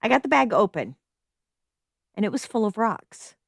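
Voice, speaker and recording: A woman reads a story submission aloud on a live-streamed podcast. Her pitch swings widely as she dramatizes the dialogue and breaks off to comment. The sound is dry and close. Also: big pitch swings, normal speed, gravelly, no echo. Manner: dramatic, reacts and comments mid-reading.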